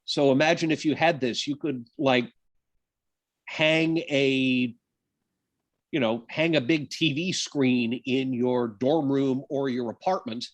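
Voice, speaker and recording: Brief: male biology lecturer, slow and deliberate, filler-heavy, dry close-miked sound. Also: medium pitch, steady tone, no room sound. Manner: conversational, lots of uh and um, self-deprecating asides. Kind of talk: university lecture.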